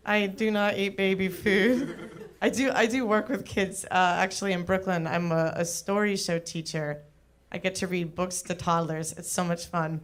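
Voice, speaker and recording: A woman's voice: mid-range voice, fairly even intonation, normal speed, a faint crowd, a little hiss or hum. A young adult woman delivers a stand-up set on a comedy club stage. She is chatty and self-deprecating. Her delivery is loose and full of casual fillers.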